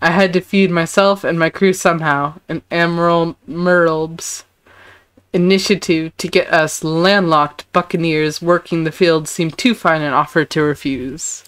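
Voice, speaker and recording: A woman voicing a weathered old male ex-pirate who now keeps an orchard, reading game dialogue aloud in a low, dry voice. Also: fairly even intonation, a little slow, fairly bright tone, clear, resonant tone, dry recording. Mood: gruff.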